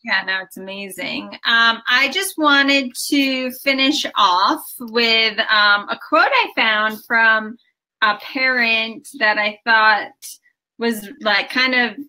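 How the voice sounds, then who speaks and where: A woman's voice: fairly high pitch, slow pace, bright, forceful tone, poor audio. A young woman hosting an interview, giving brief friendly responses and asking questions. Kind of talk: interview conversation.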